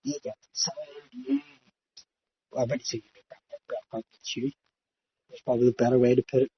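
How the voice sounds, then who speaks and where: A man's voice: mid-range voice, brisk. A young man hosting a podcast, telling a story in casual chat, swearing often and acting out quotes. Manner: swearing, animated, acts out quotes. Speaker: podcast host. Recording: muffled lo-fi audio with faint noise.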